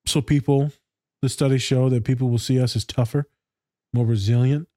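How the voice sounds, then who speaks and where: A man talks candidly in a casual podcast chat, swearing freely and laughing. His voice is mellow and warm at a middle pitch. The sound is dry and close. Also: steady tone, normal speed, dry recording. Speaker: co-host, therapist.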